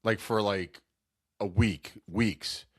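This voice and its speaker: A man's voice: on the low side, steady tone, slow pace, slightly rough, no room sound, clean studio sound. Stuffy-nosed man rambling about sports. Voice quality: nasal. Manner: rambling, self-interrupting, acts out quotes. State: stuffy nose from a cold. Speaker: sports podcast host. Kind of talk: casual solo sports talk.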